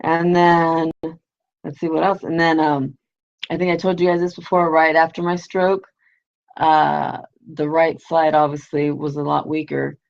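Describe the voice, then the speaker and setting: A woman with a low, gravelly voice tells a story casually on a livestream. She rambles, leaning on "you know" and "like", and swears offhandedly. The audio is dull and lo-fi. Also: little pitch movement, a little slow. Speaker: livestream host.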